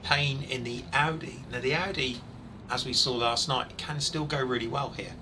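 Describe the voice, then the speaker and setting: A man over forty doing live, chatty commentary on a sim race, excitable when incidents happen. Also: medium pitch, moderate pace, noisy background.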